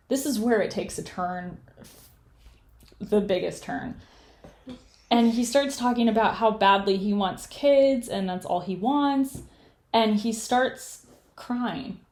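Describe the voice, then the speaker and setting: A woman's voice: a little high, a little mellow. A woman in her late twenties, co-hosting a casual podcast chat and animatedly retelling a bad date, acting out both sides of the conversation. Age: late 20s. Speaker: podcast co-host. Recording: echoey room.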